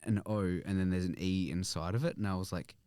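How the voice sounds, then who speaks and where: A man's voice: deep voice, steady tone, fairly quick, darkish tone, smooth, dry recording, studio quality. A man hosting a podcast in casual chat, joking, swearing and laughing often. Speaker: podcast host.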